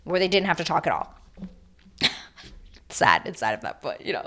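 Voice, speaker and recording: A woman giving a chatty, animated recap of a reality TV season, acting out her own reactions as she goes. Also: on the low side, brisk. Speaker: TV recap host.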